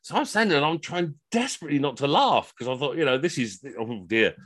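A middle-aged man telling comic anecdotes on a video call, animated and slipping into funny voices for the people in his stories. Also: on the high side, fairly quick, dry recording. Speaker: costumed Henry VIII entertainer telling stories.

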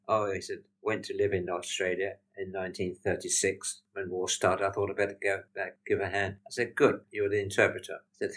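A man's voice: sits low, fairly even intonation, brisk, hardly any pauses, a bit bright, rough recording. An older British war veteran, a man telling plain-spoken anecdotes and acting out the dialogue he quotes. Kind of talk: anecdotal storytelling.

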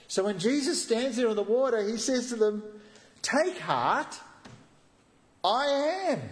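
A man preaching a sermon, animated and acting out the voices of the people in the passage he reads. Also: high-pitched. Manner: animated, acts out quoted voices.

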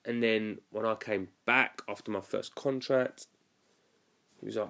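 A man's voice: fairly low pitch, a little slow, vocal fry, long pauses, fairly bright tone. A young man telling a story about his cruise ship job in a casual, rambling and chatty way. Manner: rambling, chatty, lots of "like" fillers. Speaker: former cruise ship youth activities worker.

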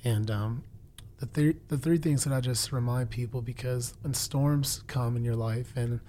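A man's voice: medium pitch, fairly even intonation, moderate pace, mellow, slight background noise. A man in his twenties sharing a faith testimony in conversation, earnest and preacherly, repeating phrases for emphasis. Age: 20s. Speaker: guest.

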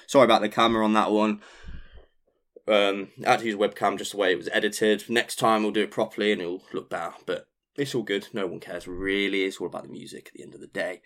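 A man's voice: on the low side, a bit bright. A man from England hosting a music podcast, chatting loosely with lots of fillers and swearing. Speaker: DJ and podcast host. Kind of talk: casual chat.

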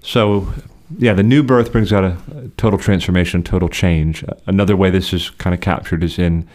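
A man co-hosting a podcast, explaining theology in a measured, conversational way with frequent restarts. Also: low-pitched, steady tone, darkish tone.

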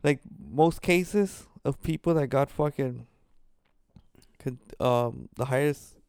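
A man's voice: mid-range voice, takes it slowly, a little mellow, smooth, dry recording. A young man in casual podcast chat, bantering in a laid-back, profane way. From Los Angeles. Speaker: podcast co-host.

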